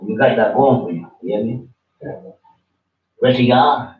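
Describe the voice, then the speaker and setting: A man's voice: mid-range voice, normal speed. A man preaching a fiery street-style sermon, scolding and swearing, with phrases said again and again. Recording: muffled, distant, echoey room.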